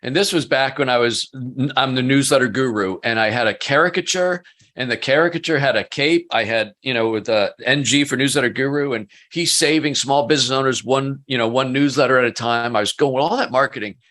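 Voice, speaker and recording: A middle-aged man guesting on an interview show, telling stories in a relaxed, self-mocking way. His voice sits at an ordinary middle pitch, and he talks like a man chatting with a friend rather than giving a speech. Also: fairly quick. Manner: chatty, self-mocking storyteller who laughs often. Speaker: guest, business coach. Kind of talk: casual storytelling interview.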